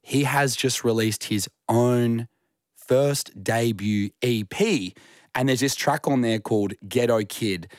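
Man, Australian accent, radio co-host, laid-back rambling chat, mid-pitched voice, dry close studio sound. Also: slow pace, dry recording. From Western Australia. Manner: relaxed, rambling with fillers.

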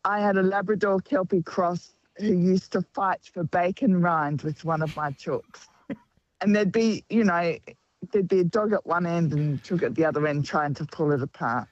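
A woman's voice: lowish voice, moderate pace, no echo, muffled recording. Teasing woman on radio. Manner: warm storyteller, teasing, laughs often. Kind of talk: casual talkback radio chat.

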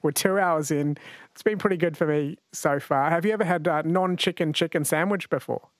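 A man hosting a radio quiz, talking in a chatty, jokey way. His voice sits a little high, and the close studio mic sounds dry. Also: fairly quick, no echo. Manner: chatty, jokey, laughs easily. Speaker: radio host. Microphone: studio microphone.

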